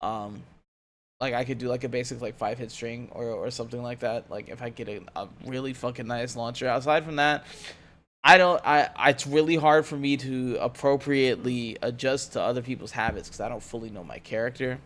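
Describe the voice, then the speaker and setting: A man's voice: mid-range voice, steady tone, a little fast, a bit bright, a little hiss or hum. Rambling, cussing young guy streamer. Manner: rambling, profane, laughs easily. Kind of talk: casual stream chat.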